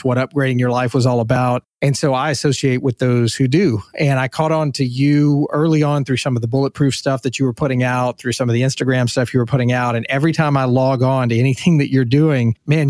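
A man's voice: mid-range voice, darkish tone, dry recording, studio quality. A man hosting a podcast interview, talking in an enthusiastic, upbeat way. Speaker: podcast host. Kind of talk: casual interview talk.

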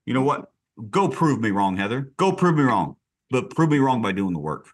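A man who leads a real estate team, telling stories in an energetic, direct and emphatic way during a podcast conversation. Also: medium pitch, normal speed.

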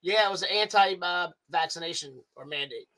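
A man's voice: high voice, fairly quick, pushed and bright, low-quality recording. A man co-hosting a podcast, making offhand, profane remarks in casual chat. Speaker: podcast co-host.

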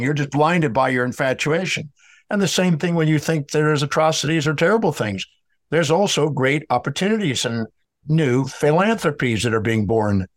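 Guy with a highish voice telling a story in a lecturing way, acts out the back and forth, dry recording. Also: no room sound. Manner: emphatic, lecturing, quotes both sides of dialogues. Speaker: speaker on emotional healing. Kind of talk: storytelling in an interview.

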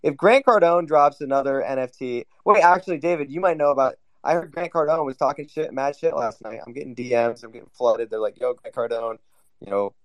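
A man's voice: fairly high pitch, brisk, few pauses, no echo, lo-fi sound. A man hosting a casual group chat, rambling and swearing freely. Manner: swears a lot, rambling and loose. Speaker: host.

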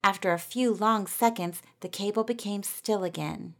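A woman narrating a children's storybook in a gentle, expressive reading voice. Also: medium pitch, moderate pace.

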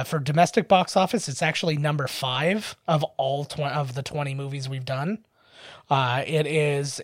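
A man's voice: a little high, dry recording. Casual co-host, young adult man, slightly raised voice, close dry mic, chatty storyteller. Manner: chatty storyteller, reads out figures and texts. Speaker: podcast co-host. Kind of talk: casual movie commentary chat.

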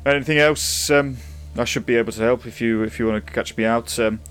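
A man's voice: medium pitch, steady tone, brisk, fairly bright tone, clean tone, lightly acted. A man playing a flustered police chief. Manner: flustered, grumbling. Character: harried middle-aged male police chief.

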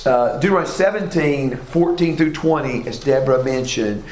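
A man's voice: mid-range voice, moderate pace, a little mellow. A man leading a Bible class, reading scripture aloud and quizzing his students. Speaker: Bible study teacher. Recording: echoey room with faint noise.

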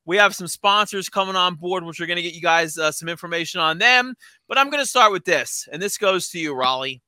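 A man on a sports podcast panel, bantering loudly and trash-talking a co-host in mock anger. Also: high voice, lively intonation, brisk, dry recording. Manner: loud, mock-aggressive trash talk.

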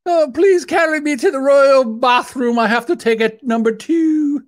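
A man's voice: very high voice, moderate pace, voice pushed up. Male podcaster doing a mock elderly queen: reedy, plaintive, over-the-top helpless. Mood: pleading. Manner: pleading, helpless, melodramatic. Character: frail, whiny elderly queen, woman in her nineties.

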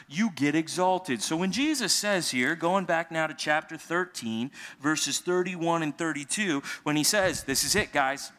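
A man's voice: fairly high pitch, sharp tone. A man preaching a sermon in a church, explaining scripture in a conversational way with plain paraphrased asides. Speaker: pastor. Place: church sanctuary. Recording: long hall reverb.

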